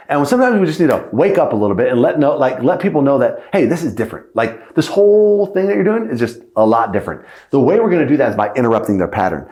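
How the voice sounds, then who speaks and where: A man teaching sales calls in a podcast lesson. He coaches in a lively way, checks in often with "right?" and "okay?", and acts out sample lines. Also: mid-range voice, echoey room. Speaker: sales trainer.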